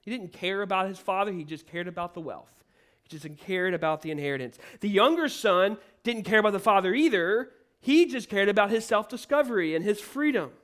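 A man with a high voice delivers a sermon from the pulpit. He preaches emphatically and keeps putting rhetorical questions to his listeners. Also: animated, normal speed, fairly bright tone.

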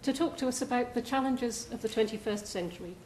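Woman reading a formal introduction. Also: a little mellow. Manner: measured, formal. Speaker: event host introducing a speaker. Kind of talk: scripted introduction. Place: lecture hall. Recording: echoey hall with faint rumble.

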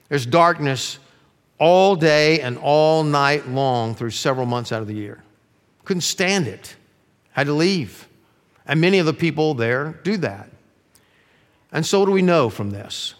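A middle-aged male pastor preaching a sermon earnestly, dropping his voice low to stress key lines. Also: expressive, unhurried, long pauses. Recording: long reverb of a large room.

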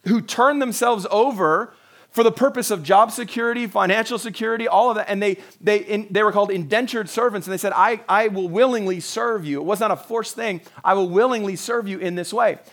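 In a high, fairly bright voice and at a fairly quick pace, a man gives an earnest, conversational sermon. He often chuckles while quoting scripture and playing out the characters' voices.

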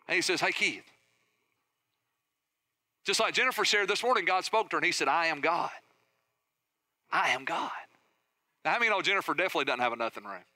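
A middle-aged man, a pastor preaching a sermon with energetic storytelling and questions to his congregation. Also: sits high, racing, pauses often.

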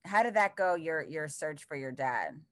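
A woman in her thirties with a low voice, hosting a casual podcast chat. She tells blunt, profane, self-deprecating stories. The sound is close and dry. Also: lively intonation, moderate pace, a bit bright, no echo. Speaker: comedian and podcast host.

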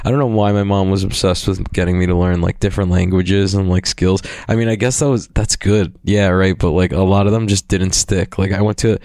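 A man's voice: sits low, steady tone, fairly quick, few pauses, darkish tone, no room sound, clean studio sound. A man hosting a podcast, talking in a loose, rambling, profane way and laughing often. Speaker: podcast host. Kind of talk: casual rambling monologue.

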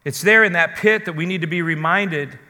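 A man preaching a sermon as a pastor, speaking earnestly, putting direct questions to his listeners and leaning slowly on key words. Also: a little high, pushed and bright, big-room sound.

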